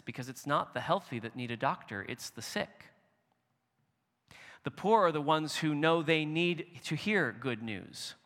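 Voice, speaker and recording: Bright-voiced preacher in a reverberant hall. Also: male voice, on the high side. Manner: expressive preaching, rising animated when voicing quotes. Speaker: pastor. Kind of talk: sermon.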